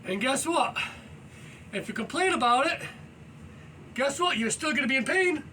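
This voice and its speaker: A fitness vlogger with a very high, bright voice rambles loudly and energetically through casual motivational thoughts, constantly saying "you know" as he stretches and moves around his low-ceilinged home. He's expressive and speaks at a moderate pace, sitting well away from the mic. The low-quality recording carries faint background noise.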